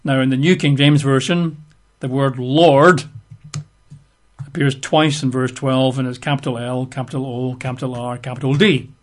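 A man leads a Bible study methodically, spelling words out letter by letter and asking rhetorical questions. His voice is mid-range and steady, moving at a moderate pace, with emphatic asides thrown in.

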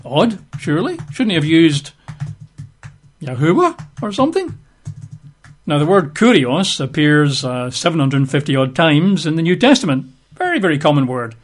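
A man leads a Bible study with a voice pitched a little high. He works through the text methodically, spells out words letter by letter and adds emphatic rhetorical asides. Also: big pitch swings, moderate pace. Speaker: Bible teacher.

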